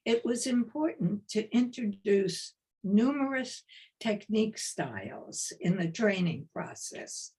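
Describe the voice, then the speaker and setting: An older woman with a New York accent giving a lecture as a retired dance professor over a video call, in a slow, measured, deliberate way. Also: medium pitch, a little mellow. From East Coast of the United States.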